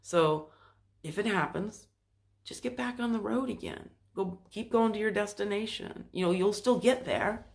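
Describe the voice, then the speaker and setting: Gravelly, rambling spiritual talk host. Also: mid-range voice, normal speed. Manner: rambling, loose, with many fillers and restarts; acts out quoted voices in passing. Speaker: spiritual self-help channel host. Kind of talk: casual spiritual monologue.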